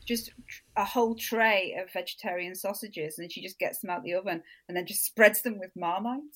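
A woman's voice: normal speed, fairly bright tone. A woman, a podcast guest telling funny stories in casual chat, laughing often. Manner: chatty storyteller, laughs a lot, mimics others in high voices.

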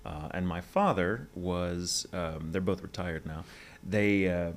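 A man's voice: deep voice, slight background noise. A man in his forties from Texas with a neutral mid-Atlantic accent, telling stories articulately as an interview guest. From Texas, USA. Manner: articulate, measured storytelling. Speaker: guest, voice actor. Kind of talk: casual interview.

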